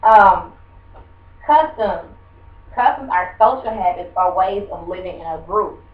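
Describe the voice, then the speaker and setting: A woman's voice: fairly low pitch, measured pace. A woman teacher, giving a rambling, conversational classroom lesson and quizzing the class. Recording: muffled echoey room from far off.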